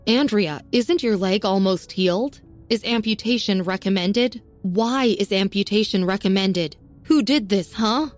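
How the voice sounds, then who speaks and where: A woman's voice: mid-range voice, measured pace, few pauses, soft background music, lightly acted. Woman voicing a cold, controlled teen girl. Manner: calm, serious, controlled. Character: cold composed teenage girl, quietly furious.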